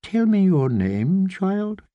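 A mysterious old priest who speaks softly and slowly, weighing every question, as a man voices him in an audiobook. The delivery is unhurried, and the close recording has almost no room sound. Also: high voice, sing-song, dry recording, lo-fi sound, pitched above the performer's own voice, full character voice. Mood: solemn. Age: older. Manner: slow, quiet, measured questioning. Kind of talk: audiobook character voice.

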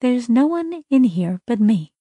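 A woman's voice: on the high side, big pitch swings, measured pace, dry recording. A woman voicing a kindly, protective voice that speaks from inside a machine, fussing over protocol and reassuring a frightened girl. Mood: soothing. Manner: urgent then soft and reassuring, fussy about protocol.

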